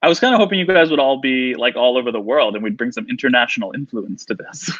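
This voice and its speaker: A man hosting a live video interview, upbeat and quick to laugh. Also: mid-range voice, animated, a bit bright, dry recording. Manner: upbeat, giggly. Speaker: interview host. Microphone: video call. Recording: dull lo-fi video call audio.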